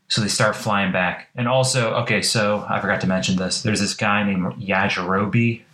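A man's voice: on the low side, fairly even intonation, moderate pace, hardly any pauses, pushed and bright. A man in casual chat, recounting a story in a rambling, playful way full of filler words. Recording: echoey room.

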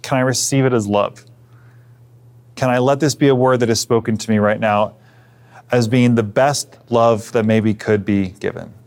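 This male pastor preaches at a moderate pace, his mid-pitched voice keeping a steady tone. His delivery is earnest and conversational, full of restarted phrases and hushed asides that fall almost to a whisper.

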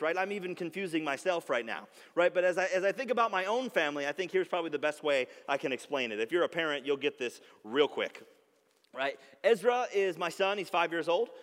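A man's voice: sits high, fairly bright tone. A man in his thirties, a pastor, giving a conversational sermon with frequent rhetorical questions to the congregation. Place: church sanctuary. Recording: long hall reverb.

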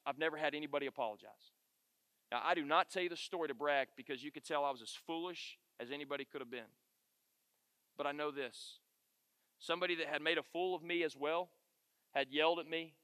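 A middle-aged man, leading a men's Bible study with animated, emphatic storytelling and repeated key phrases. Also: on the high side, dry recording. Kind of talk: storytelling sermon to a men's group.

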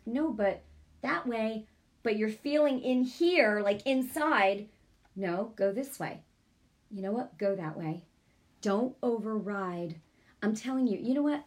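A woman hosting a live-streamed devotional talk. She speaks in a fervent, earnest way and chats back to her viewers. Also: mid-range voice. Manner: fervent and earnest, repeats "I'm telling you"; chatty, answers viewer comments aloud. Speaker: online ministry host.

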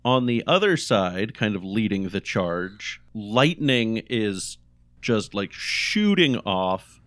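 A man's voice: fairly low pitch, big pitch swings, slow pace, fairly bright tone, dry recording. A man narrating as game master of a tabletop game, describing scenes in a hesitant way with fillers.

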